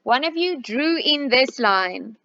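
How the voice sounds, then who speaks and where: Teaching maths in a slightly dull, lo-fi recording, this South African woman reviews a test step by step with patience, moving back and forth between English and Afrikaans. Her high, expressive voice is bright and forceful, and she takes her time.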